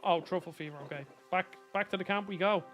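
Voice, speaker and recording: A man's voice: high-pitched, quick pace, a bit bright, soft background music. A man with an Irish accent giving casual, sarcastic gameplay commentary as a streamer. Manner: chatty, ranting, sarcastic. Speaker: gaming streamer.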